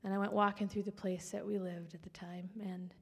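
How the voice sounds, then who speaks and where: A woman sharing a personal testimony. She speaks earnestly and often drops to a hushed whisper. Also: mid-range voice, level tone, brisk, big-room sound, slight background noise.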